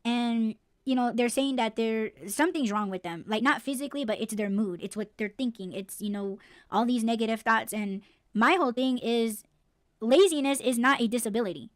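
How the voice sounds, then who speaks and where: A woman's voice: fairly high pitch, normal speed, no room sound, clean studio sound. A woman hosting a podcast, ranting bluntly and swearing freely in a casual, heated way. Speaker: podcast host.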